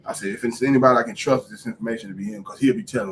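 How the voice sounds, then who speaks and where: A man speaks quickly and emphatically as a guest on a podcast, repeating his points as he tells stories. His pitch sits in an ordinary middle range, and a faint hiss runs underneath. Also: a bit bright. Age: adult parent. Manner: emphatic, storytelling, repeats phrases. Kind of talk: casual interview talk.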